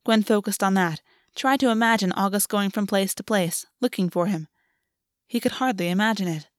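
A woman reading a fan fiction story aloud in a steady, even narration. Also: medium pitch, normal speed, dry recording, studio quality. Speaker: audiobook reader.

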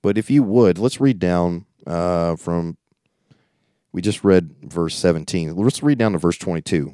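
A man's voice: low voice, measured pace, warm tone, dry recording, clean studio sound. A man leading a Bible study, reading verses aloud and adding informal comments in a conversational way. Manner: reads scripture aloud then comments informally; conversational, with frequent restarts and asides. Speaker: preacher.

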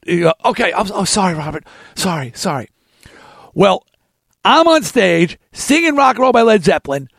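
Animated gravelly storytelling man. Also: sits high, brisk, dry recording, studio quality. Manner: ranting, acts out other people's lines. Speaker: podcast host telling a story.

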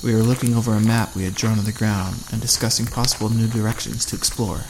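A man narrating a first-person survival story in a steady, measured way. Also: lowish voice, background noise.

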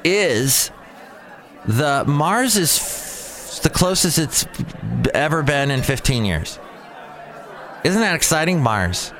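A man's voice: a little high, sing-song, takes it slowly, long pauses, a bit bright, some chatter behind. A man hosting a casual solo show, rambling and sarcastic as he jumps from topic to topic. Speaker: podcast host.

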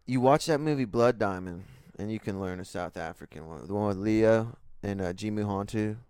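Low smooth-voiced young man, casual. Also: normal speed, a little mellow, dry recording, clean studio sound. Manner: rambling, swearing, jokey. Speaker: podcast co-host. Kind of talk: casual chat.

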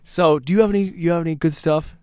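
A man's voice: fairly high pitch, fast talker, dark tone, clear, resonant tone, no echo, studio quality. A man hosting a podcast, chatting casually in a playful, giggly, teasing manner. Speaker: podcast host. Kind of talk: casual chat.

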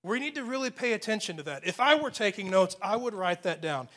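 A man's voice: high-pitched, lively intonation, a little fast, a bit bright. A middle-aged man preaching a sermon, building intensity and asking rhetorical questions. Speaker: pastor.

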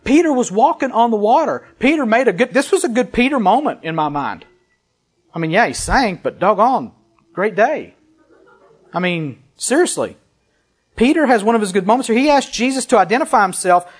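A man's voice: high-pitched, lively intonation, normal speed, breathy edge. A man preaching a sermon, reading scripture aloud with emphasis and commenting in a conversational way. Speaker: pastor.

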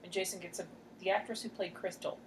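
A woman's voice: lowish voice, fairly even intonation. A woman co-hosting a podcast, chatting casually and cutting in with teasing remarks. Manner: quick, interjecting, teasing. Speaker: podcast co-host. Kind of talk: casual chat.

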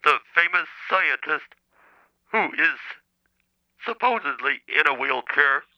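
A robotic speech-synthesizer voice playing an indignant male caller, flat and clipped. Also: fairly high pitch, slow pace, highs cut off. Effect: computer speech synthesizer.

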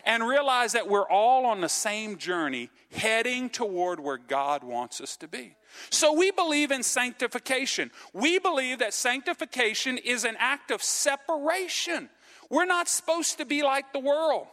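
A man's voice: very high voice, sing-song, measured pace, bright, forceful tone. A man preaching a sermon in a church, earnest, often asking "okay?" and calling for amens from the congregation. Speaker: pastor. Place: church sanctuary. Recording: long reverb of a church hall.

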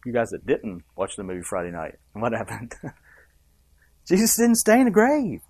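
A man's voice: medium pitch, huge pitch swings, measured pace, darkish tone, slightly rough, dry recording, studio quality. A man preaching a sermon, emphatic and rising and dropping for effect, asking the congregation questions. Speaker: pastor.

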